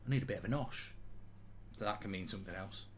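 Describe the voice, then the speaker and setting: A man's voice: deep voice, quick pace, slight background noise. Chatty man doing live football commentary. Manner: chatty and jokey, reading out viewer comments. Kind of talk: casual live-stream match commentary.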